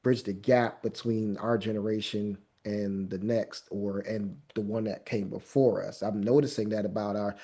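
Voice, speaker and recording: A man's voice: fairly low pitch, fairly even intonation, normal speed, hardly any pauses, mellow, breathy edge. A man in his forties, a coach hosting an interview, chatting in an encouraging, conversational way. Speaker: host, coach. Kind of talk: casual interview chat.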